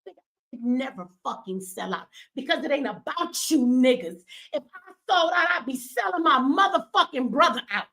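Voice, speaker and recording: Middle-aged female activist host; fierce, emphatic, cursing, teary; bright, high voice. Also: lively intonation, moderate pace. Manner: angry, profane, emphatic. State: crying. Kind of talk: impassioned livestream rant.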